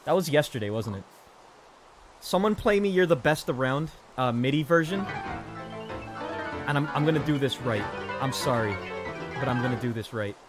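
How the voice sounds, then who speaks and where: Rambling, self-mocking young streamer. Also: male voice, medium pitch, animated, moderate pace, long pauses, over music. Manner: jokey rambling, self-mocking asides to chat; counts out loud under his breath. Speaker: gaming streamer. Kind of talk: casual live-stream commentary while building.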